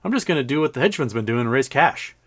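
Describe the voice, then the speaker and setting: A man's voice: mid-range voice, animated, fast talker, a bit bright, breathy edge. Rambling, joke-telling male livestream host. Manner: joking, rambling, laughs at his own jokes. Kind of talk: casual livestream chat.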